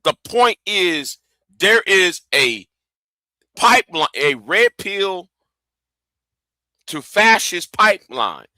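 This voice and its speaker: A man's voice: high-pitched, big pitch swings, takes it slowly, pauses often, bright, forceful tone, no echo. A man hosting a livestream, ranting angrily and profanely, often repeating himself and stumbling over words. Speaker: livestream host. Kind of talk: heated livestream rant.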